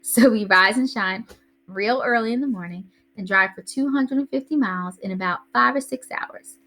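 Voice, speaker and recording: A woman's voice: a little high, moderate pace, bright, forceful tone. A woman reading aloud, voicing an organized mother who lists a road-trip plan step by step. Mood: businesslike. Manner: orderly, listing plans step by step. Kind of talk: reading a novel aloud to a class.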